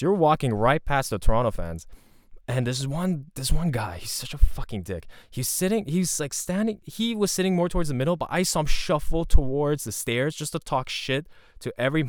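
A man telling a rambling, profane story in a casual, animated way. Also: mid-range voice, no room sound, studio quality.

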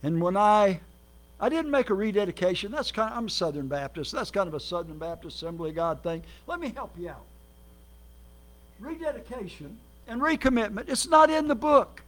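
A man preaching as a guest, telling his life story with lively acted quotes and sudden swings between loud and soft. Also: very high voice, a little fast. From Minnesota, United States. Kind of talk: sermon.

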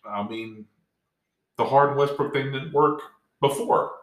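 A man's voice: mid-range voice, measured pace, echoey room, recorded from a distance, low-quality recording. A man co-hosting a casual sports chat in a laid-back, conversational way.

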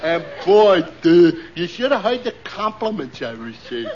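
Dim-witted cheerful guy, high voice, radio comedy, hissy old recording. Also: big pitch swings, a crowd in the background, full character voice. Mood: dopey cheerful. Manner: slow-witted, naive comic delivery. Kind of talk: 1940s radio comedy acting. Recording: muffled old radio broadcast with hiss.

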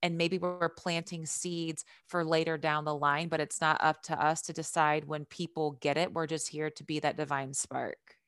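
A woman with a low, smooth voice hosts a relaxed interview and speaks earnestly about spiritual guidance and expression. Her voice is clear and resonant, and the recording is close and dry with no room sound. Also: moderate pace, hardly any pauses, dry recording. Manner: earnest, spiritual coaching talk. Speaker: podcast host. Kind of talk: casual conversational interview.

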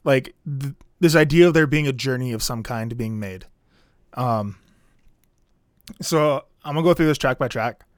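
A man in casual podcast chat, walking through an album track by track in an easygoing, rambling way. His voice sits at an ordinary pitch and sounds close and dry, with no room around it. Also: moderate pace, long pauses, no room sound. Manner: relaxed, rambling, many "like" fillers. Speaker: podcast co-host reviewing an album.

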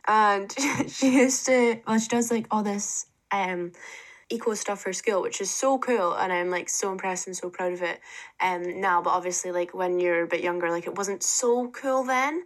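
A woman's voice: mid-range voice, normal speed. A young woman from the UK co-hosting a casual chat, telling stories with "like" and "um" fillers and frequent giggles. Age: young adult. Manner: storytelling, giggly, many "like" and "um" fillers. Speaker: podcast co-host.

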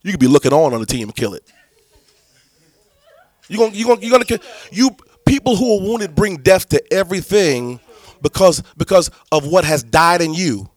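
A man's voice: high-pitched, big pitch swings, normal speed, dry recording. A man, a pastor, teaching church leaders in a preaching style, emphatic and repetitive with many restarts.

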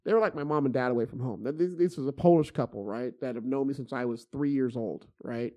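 A man's voice: medium pitch, fast, dull audio. A middle-aged man telling stories in casual chat, swearing freely and restarting his sentences with repeated words. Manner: profane, animated, many stammered restarts.

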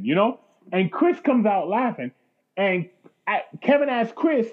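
A man's voice: sits high, normal speed, phone-quality sound. A man co-hosting a podcast, telling a long profane story in casual chat and acting out the voices in it. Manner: profane, animated storyteller who acts out quotes. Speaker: podcast co-host.

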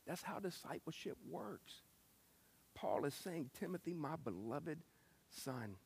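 A man preaching a sermon, telling stories and acting out quotes with lively shifts. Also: a little high, slow pace, gravelly, breathy edge. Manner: lively storytelling with acted-out quotes. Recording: long hall reverb.

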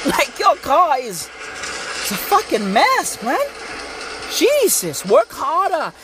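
A woman's voice: on the high side, big pitch swings, slow, pauses often, background noise. A young woman doing a comedic character monologue, ranting to herself in profane slang.

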